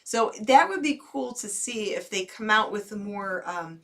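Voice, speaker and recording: A woman's voice: medium pitch, animated, a little slow, fairly bright tone, recorded from a distance. A woman horror movie host with a Midwestern American accent, chatting casually and giggling as she reads viewer comments. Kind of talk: casual chat reading comments.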